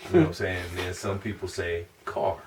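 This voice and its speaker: A man's voice: deep voice, lively intonation, fast. A man with a Chicago accent in a class, talking casually and often saying "you know what I'm saying". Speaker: class member. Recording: distant mic with noise and clicks.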